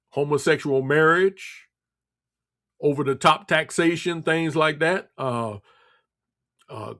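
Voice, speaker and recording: A man holds forth on his own radio talk show in a blunt, scolding monologue, circling back to repeat his points. His voice sits a little high for a man. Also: a bit bright. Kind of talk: political commentary monologue.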